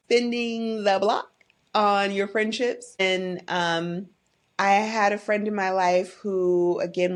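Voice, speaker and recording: A middle-aged woman hosting a podcast, talking candidly and from the heart about her own life. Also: on the low side. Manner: candid and heartfelt, faith-tinged, openly emotional. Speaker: podcast host. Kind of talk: personal monologue.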